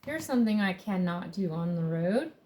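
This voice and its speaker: A woman's voice: on the low side, animated, moderate pace, a little mellow, slight background noise. A woman vlogging casually from her camper, talking to herself in a candid, chatty way about cleaning and a road trip. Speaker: van-life vlogger. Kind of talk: casual vlog chat.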